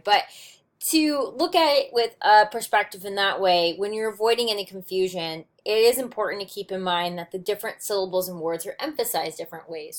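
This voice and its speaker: Talking through her notes in a recorded lecture on poetry, this teacher uses a fairly low voice. Her explanations stay patient and relaxed, dotted with ums and little restarts at each point.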